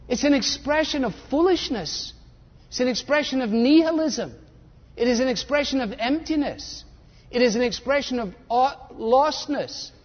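An older man preaching a sermon, animated and sarcastic, mimicking voices to make his points. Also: high voice. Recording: dull lo-fi audio in a reverberant hall.

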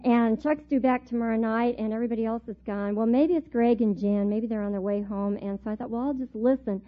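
A middle-aged woman teaching a Bible class, telling a personal story in a lively way and laughing often as she talks. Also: fairly high pitch, brisk. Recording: tinny phone-like recording.

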